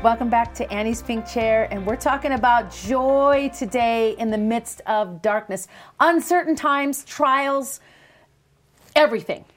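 A woman hosting a Christian talk show, talking in a blunt, energetic, laughing way. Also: on the high side, normal speed, few pauses, faint music behind. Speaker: host.

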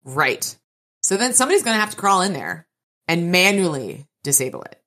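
A woman's voice: fairly low pitch, big pitch swings, a little fast, fairly bright tone. A woman co-hosting a podcast, chatting casually and agreeably about a book and reading passages of it aloud. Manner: agreeable, musing. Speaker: podcast co-host.

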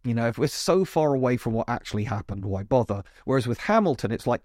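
A man's voice: mid-range voice, animated, fast, hardly any pauses, a little mellow, no echo, clean studio sound. A man hosting a podcast, talking casually and emphatically about musicals with chatty asides. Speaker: podcast host. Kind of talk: casual chat monologue.

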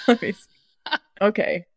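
A young woman co-hosting a podcast, chatting casually, laughing often and telling animated stories. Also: drawn-out words, dry recording, clean studio sound. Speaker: podcast co-host. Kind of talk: casual chat.

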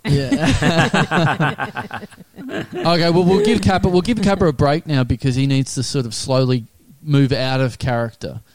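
A man's voice: on the high side, unhurried. A man hosting a casual comedy podcast, teasing his guests with dry banter. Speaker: podcast host.

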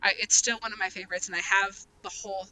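A woman's voice: mid-range voice, fairly even intonation, fast talker, bright, forceful tone, slight background noise, rough recording. A woman co-hosting a casual podcast, rambling and thinking aloud as she talks. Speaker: podcast co-host. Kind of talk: casual chat about anime.

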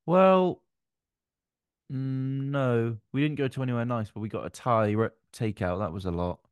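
A young man, co-hosting a casual podcast and telling stories with loud, sweary re-enacted quotes. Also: mid-range voice, clean tone, no echo, studio quality. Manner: animated storytelling, swearing, quick shifts to loud re-enacted quotes. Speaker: podcast co-host. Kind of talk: casual banter.

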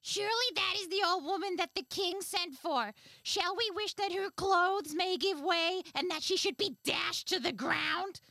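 A woman voicing a band of fairy sisters from a storybook, in a shrill, drawn-out way. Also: gravelly, bright, forceful tone, dry recording, studio quality, exaggerated voice. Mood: spiteful. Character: squeaky spiteful female fairy sisters.

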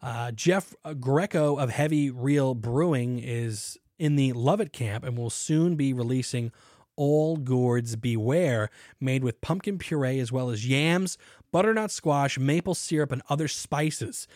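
A man's voice: medium pitch, a little slow, darkish tone, no echo, studio quality. A man hosting a beer podcast, reading articles aloud and breaking off into sarcastic, swearing rants. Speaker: podcast host.

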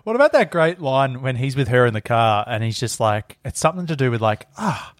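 A man's voice: mid-range voice, lively intonation. A man co-hosting a casual podcast about a film, joking and laughing often. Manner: jokey, quick to laugh. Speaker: podcast co-host.

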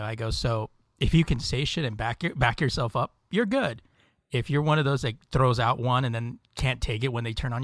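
A man co-hosting a relaxed podcast, laughing often and talking loosely with some swearing. His voice sits at a middle pitch and sounds dry, with no room echo. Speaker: podcast co-host. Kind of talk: casual podcast chat.

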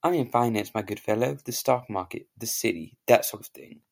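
A man voicing a pompous British gentleman who works in finance, with a put-on British accent and a prim, old-fashioned manner. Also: lowish voice, a little fast, gravelly.

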